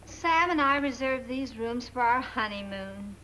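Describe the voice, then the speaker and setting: A woman's voice: a little high, expressive, unhurried, pushed and bright, slight background noise, rough recording. An actress playing a dithery middle-aged woman who dreams aloud about a honeymoon, in 1940s film comedy style. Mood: wistful. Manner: fluttery, wistful, talking to an unseen husband.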